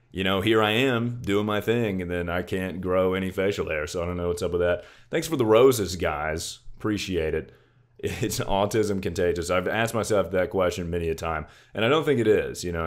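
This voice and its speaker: Hosting a relaxed livestream, this young man jokes around, curses without restraint, and addresses his chat as "dude" and "brother." His voice is very deep.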